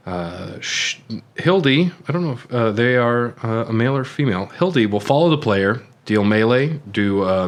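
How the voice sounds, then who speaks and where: A man co-hosting a casual gaming podcast, reading item descriptions and then riffing loosely, with the odd curse. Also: mid-range voice. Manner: relaxed, reads item text then riffs with swearing. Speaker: podcast co-host.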